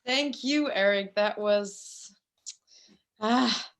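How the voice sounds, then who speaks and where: A woman's voice: medium pitch, very slow. A woman moderating a question round on a video call, sounding moved. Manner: warm, moved. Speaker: event host.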